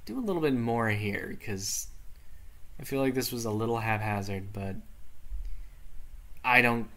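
Young man, casual podcast chat, rambling, laughing, middle pitch. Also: unhurried, pushed and bright. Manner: rambling, laughs often, loose and unscripted. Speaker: podcast co-host.

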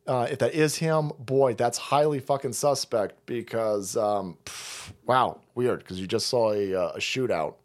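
A foul-mouthed man streaming a mocking political rant, laughing and swinging between loud jabs and low muttering.

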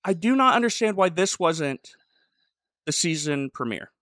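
A man with a fairly high voice, a podcast co-host who is also a pastor, chats casually at a moderate pace while reviewing a show. He's animated, acting out characters' lines in their voices as he retells scenes. The recording is dry and studio quality.

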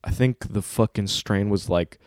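A man's voice: fairly low pitch, normal speed, a little mellow, dry recording, clean studio sound. A young man hosting a casual podcast chat, telling a long story in a loose, slangy way with a lot of swearing. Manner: laid-back storytelling with heavy slang and swearing. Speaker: podcast host.

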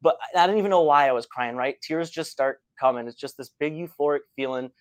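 Relaxed man hosting a running chat. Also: medium pitch, fast. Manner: relaxed storytelling, friendly questions. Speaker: podcast host, runner. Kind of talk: casual conversational interview.

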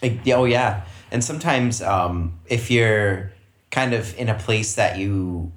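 A man co-hosting a podcast in casual chat, blunt and quick to agree, swearing freely. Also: fairly low pitch. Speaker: podcast co-host. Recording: roomy echo.

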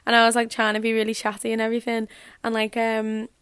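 A woman's voice: a little high, completely flat delivery, quick pace, fairly bright tone, clear, resonant tone, no room sound, clean studio sound. A young woman with a Scouse accent, rambling in a casual podcast chat full of fillers. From Liverpool area. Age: young adult. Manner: rambling, filler-heavy, chatty. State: dry throat. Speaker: podcast host.

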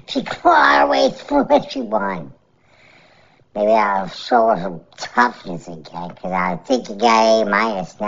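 Gravelly, very low woman grading fighters. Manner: animated, joking, laughs often. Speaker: MMA fight analyst. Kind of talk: casual fight-picks commentary. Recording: dull lo-fi recording.

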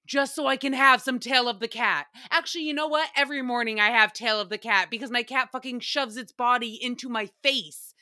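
Bright-voiced, animated woman podcaster. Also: on the high side, a little fast, few pauses, no echo, studio quality. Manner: animated, profane, laughs often. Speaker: podcast host recapping reality TV. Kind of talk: casual chat.

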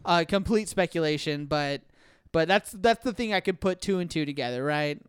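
A man's voice: on the high side, lively intonation, normal speed, clear, resonant tone, dry recording, studio quality. A man hosting a casual podcast chat, rambling with lots of fillers and frequent laughs. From United States. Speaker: podcast host.

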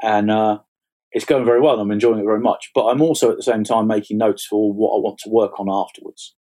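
A man, a fantasy author chatting as an interview guest, self-mocking and quick to laugh at his own stories. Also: on the low side, fairly even intonation, warm tone. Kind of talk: casual interview chat.

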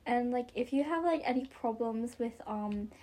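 A woman's voice: a little high, moderate pace, dark tone. A teenage girl co-hosting a casual podcast, rambling loosely and laughing through her stories. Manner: rambling, full of "like" fillers, laughs while telling stories. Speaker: podcast co-host. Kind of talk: casual chat.

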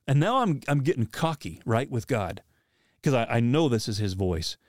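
A man recounts an outdoor hunting trip in relaxed storytelling mode, mid-pitched, jumping between quick asides and acted-out exchanges. His delivery is full of restarts and sudden lifts in energy. The recording is dry and close, with no room sound. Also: no echo. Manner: animated, with many restarts and acted quotes. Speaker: guest telling a hunting story. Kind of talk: casual storytelling.

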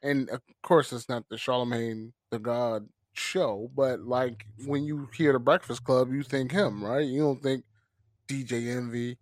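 A man co-hosting a casual podcast chat, an animated storyteller who acts out quotes and laughs often. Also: mid-range voice, unhurried, dry recording, clean studio sound. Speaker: podcast co-host.

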